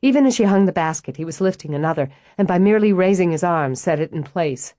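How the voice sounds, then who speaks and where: A woman narrating an audiobook in an even, measured reading on a close studio mic. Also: fairly low pitch, no room sound.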